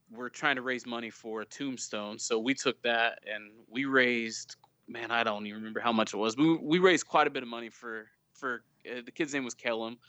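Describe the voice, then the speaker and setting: A man chatting as a guest on a fan podcast, telling lively anecdotes and acting out quotes. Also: mid-range voice, clear, resonant tone, no room sound. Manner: storytelling, animated retelling of quotes. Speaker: guest, fan club leader. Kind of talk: casual podcast chat.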